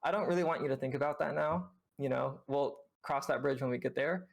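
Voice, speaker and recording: Gravelly male game coach explaining. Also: mid-range voice, a little fast. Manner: patient, explanatory, many fillers. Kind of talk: reviewing gameplay with a student on stream.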